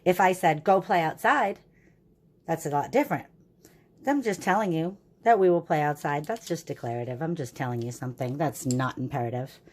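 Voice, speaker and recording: A woman's voice: sits low, brisk, darkish tone. A woman teacher giving a recorded grammar lesson to young children, upbeat and patient, with a sing-song voice that keeps checking in with "right?".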